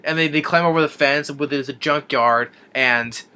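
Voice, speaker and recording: A man's voice: on the high side, moderate pace, pushed and bright, clean tone. A man reviewing a film, retelling the plot in a rambling, casual way with many restarts and chuckles.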